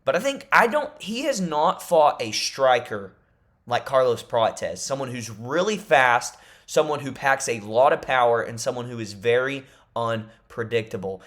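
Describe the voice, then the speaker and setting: A man in his casual fight-prediction vlog speaks in an ordinary mid-range voice. He rambles with a fan's excitement. He also keeps up a tongue-in-cheek act that his invented inside news is genuine. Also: medium pitch, a little slow. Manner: jokingly insists his made-up leaks are real. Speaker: MMA YouTuber.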